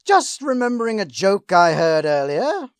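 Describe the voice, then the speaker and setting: A man's voice: sits high, very animated, normal speed, dry recording, pitched above the performer's own voice. A man voicing a cackling, mocking villainous clown, with a theatrical, sneering delivery. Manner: theatrical, sneering, bursts into laughter.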